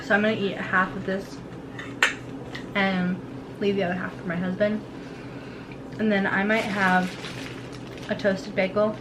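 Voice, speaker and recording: A young woman and mother with a sick, hoarse voice, chatting casually and rambling through a home vlog, full of "like". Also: medium pitch, level tone, unhurried, long pauses, far from the mic. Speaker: vlogger and mother. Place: home kitchen and garden. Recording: roomy, off-mic, household noise.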